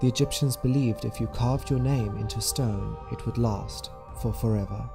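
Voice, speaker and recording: A man reading measured, informative documentary narration. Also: medium pitch, vocal fry. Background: music.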